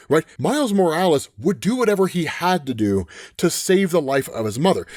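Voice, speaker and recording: A man casually recapping a comic story, animated, quoting the characters as he goes and tagging lines with a quick "right?". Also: a little high, dry recording, clean studio sound. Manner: animated retelling, acts out lines in quick quotes, frequent "right?". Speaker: comic book explainer.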